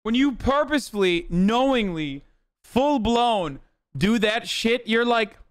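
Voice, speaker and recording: Young male streamer, higher voice, smooth and dry, heated profane reaction commentary. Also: expressive, takes it slowly, no echo. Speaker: streamer reacting to a political rally.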